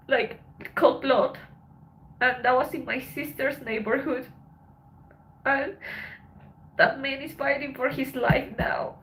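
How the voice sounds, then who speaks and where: A woman hosting a livestream, talking in a halting, emotional way with lots of swearing and a voice that breaks with tears. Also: high voice, fairly bright tone, slight background noise, low-quality recording. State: tearful. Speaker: livestream host. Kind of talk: emotional casual livestream chat.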